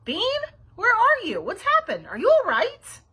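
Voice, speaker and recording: A woman voicing a teenage babysitter who shrieks in a frantic, shrill voice and turns grumpy. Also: wildly swooping pitch, a little slow, slightly rough, heavily acted. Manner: shrill, yelling, then grumpy.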